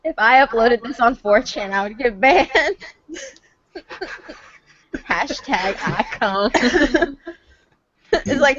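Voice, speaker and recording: High-voiced woman streamer, slow and dry. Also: lively intonation, a bit bright. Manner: laughing helplessly, swearing freely. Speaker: streamer hosting a voice-chat story night. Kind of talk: casual chat. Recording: dull, lo-fi stream audio.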